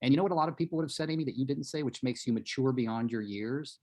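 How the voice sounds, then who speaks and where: A man's voice: medium pitch, fast talker, darkish tone. A man coaching on a live call, earnest and emphatic in a motivational way. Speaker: real estate coach.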